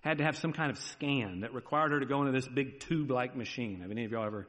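A man preaching a sermon as pastor, earnest and pleading, moving between loud urging and a soft hush. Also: medium pitch, quick pace, long reverb tail.

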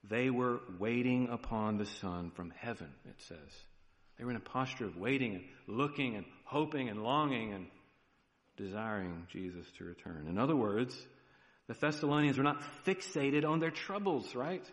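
A male pastor preaching a sermon, animated and emphatic, often checking in with "right?". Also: mid-range voice, moderate pace, long reverb tail. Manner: lively preaching with rising emphasis and frequent "right?" check-ins.

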